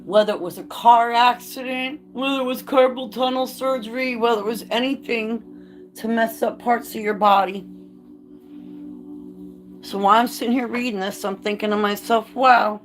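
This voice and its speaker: A woman's voice: a little high, fairly even intonation, moderate pace, faint music behind. Blunt, profane woman ranting to camera. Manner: blunt, profane and impassioned, reads aloud then rants. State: choked up. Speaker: vlogger. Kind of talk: candid talking-to-camera vlog.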